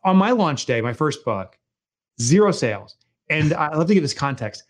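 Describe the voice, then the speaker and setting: Animated middle-aged man telling stories. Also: on the high side, moderate pace. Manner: animated storyteller, jokey, mimics people. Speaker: author and guest. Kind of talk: casual podcast conversation.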